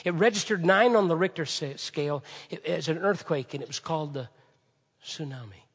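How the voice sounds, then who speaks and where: A man preaching a sermon with passion, swinging from shouted peaks to hushed, quiet lines. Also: fairly high pitch, brisk, husky. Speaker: pastor. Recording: long hall reverb.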